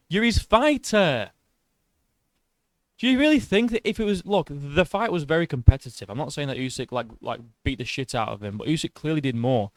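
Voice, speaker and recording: A man's voice: on the high side, no room sound. Blunt, mocking male commentator. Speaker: boxing commentator. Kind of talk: reaction commentary.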